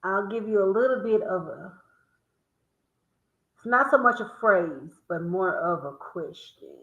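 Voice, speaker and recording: A woman's voice: mid-range voice, animated, a little slow, a bit bright. A woman with a Southern American accent hosting a playful word game with friends, teasing and laughing often as she drags out her words. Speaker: host. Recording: echoey room, dull lo-fi sound.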